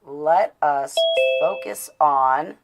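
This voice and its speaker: A woman's voice: low-pitched, very slow, loud music behind the voice, rough recording. A woman hosting a casual live video-call show, talking in an affectionate, rambling way with many fillers. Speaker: host of an online show. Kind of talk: casual live-stream chat.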